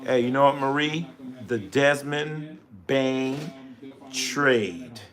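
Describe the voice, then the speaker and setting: A man hosting a casual sports talk show, telling stories with lots of repetition and acting out gruff back-and-forth dialogue. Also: mid-range voice, slow. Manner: animated storytelling, acts out deals with gruff voices; repeats himself, restarts.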